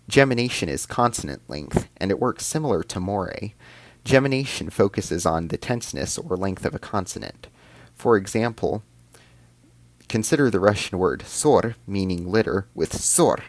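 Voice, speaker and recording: A man giving a measured, scripted explanation as the host of an educational video, slowing down to spell out terms. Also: low voice, dry recording.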